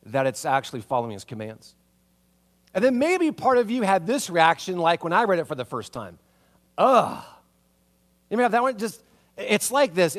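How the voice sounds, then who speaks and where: A man preaching a sermon as pastor in a church, conversational and animated, tossing out rhetorical questions and checking in with listeners. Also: sits high. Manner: conversational, full of rhetorical questions and tag "right?"; animated, acts out reactions.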